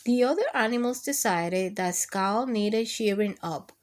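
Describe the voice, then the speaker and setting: A woman reading picture books aloud to children as a storyteller, expressive and playful, adding roars and sound effects. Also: mid-range voice, unhurried, slight background noise.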